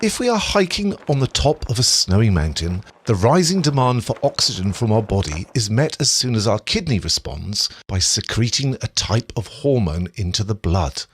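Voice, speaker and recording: A man giving scripted educational narration, explaining biology in a measured way. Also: fairly low pitch, big pitch swings, breathy edge, no echo.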